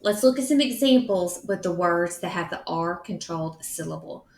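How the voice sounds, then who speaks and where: A woman tutor narrating a phonics lesson, speaking slowly and clearly as she sounds out words and syllables. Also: fairly low pitch, animated, darkish tone, slight background noise. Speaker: reading tutor.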